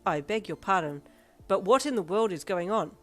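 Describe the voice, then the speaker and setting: A woman's voice: medium pitch, animated, normal speed, soft background music, natural voice. Woman reading as a stiff, formal schoolboy. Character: polite formal young male student, earnest and blunt.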